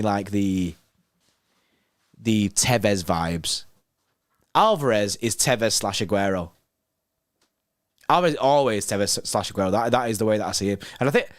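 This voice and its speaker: A man's voice: fairly low pitch, no echo, clean studio sound. A young man hosting a football watchalong stream, chatting casually and joking as he reads out chat messages. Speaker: watchalong host reading live chat.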